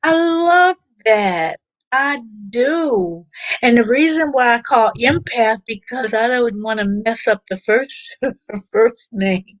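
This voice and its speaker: Casting note: woman livestream host, slow and unhurried, dry close sound, chatty and halting. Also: fairly high pitch, dry recording. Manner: chatty, halting, repeats words while reading chat. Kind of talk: casual livestream chat.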